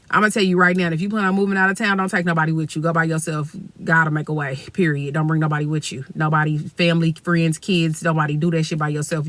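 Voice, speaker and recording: A woman's voice: sits low, no echo. A woman vlogger telling a story bluntly and emphatically, with heavy swearing and direct asides to viewers. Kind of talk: storytime vlog.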